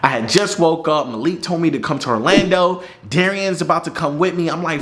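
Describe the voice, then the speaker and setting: A young man telling a personal story in a casual vlog, animated, slangy and profane. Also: on the high side, normal speed, few pauses, slight background noise.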